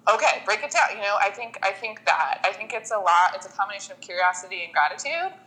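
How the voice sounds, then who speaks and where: A woman talking as a podcast guest with a bright, forward tone. She tells her story with feeling and slips into acted-out quotes of herself and others. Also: mid-range voice, lively intonation, quick pace, poor audio. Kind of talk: casual interview chat.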